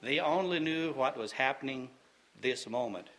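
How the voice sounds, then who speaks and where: Guy preaching a sermon, bright ringing voice, slow and deliberate. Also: medium pitch, lively intonation. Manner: slow, deliberate, repeats phrases for emphasis.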